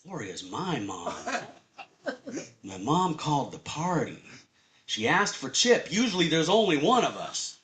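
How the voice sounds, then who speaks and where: A man doing a brash, loud drunk party guy. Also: on the high side, very animated, measured pace, reverberant. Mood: confused. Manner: loud, boisterous party announcements.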